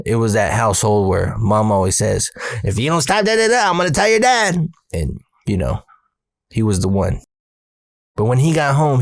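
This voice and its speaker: A man's voice: lowish voice, gravelly, a little mellow, no room sound, studio quality. A man casually telling a personal story, slangy and profane.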